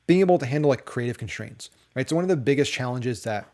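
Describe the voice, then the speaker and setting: A man's voice: medium pitch, animated, fast, a little mellow. Chatty male marketing host. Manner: conversational, leans on rhetorical "right?" checks. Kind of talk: casual talking-head commentary.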